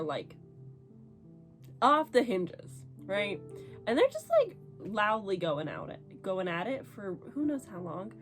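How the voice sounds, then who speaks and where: A young woman vlogging casually about a book she is reading, with animated, dramatic reactions. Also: medium pitch. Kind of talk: casual reading vlog chat.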